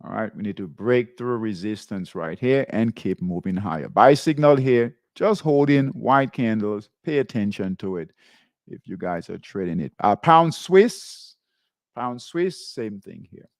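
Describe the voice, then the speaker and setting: A man's voice: fairly low pitch, lively intonation, measured pace, no echo, clean studio sound. A man hosting a live trading show, talking viewers through charts and checking in with "right?" and "okay?". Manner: repeats tags like "right?" and "okay?" while pointing at charts.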